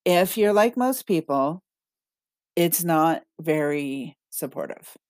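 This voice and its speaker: A woman hosting a casual solo podcast about self-talk, chatty and quick to laugh as she reads out listener comments. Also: deep voice, animated, darkish tone, smooth, no room sound. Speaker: podcast host and manifesting coach.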